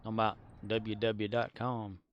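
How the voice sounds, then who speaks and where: A man's voice: fairly low pitch, little pitch movement, a little slow, lo-fi sound, a little hiss or hum. A man streaming a game, chatting loosely with swearing and laughs. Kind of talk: casual gameplay commentary.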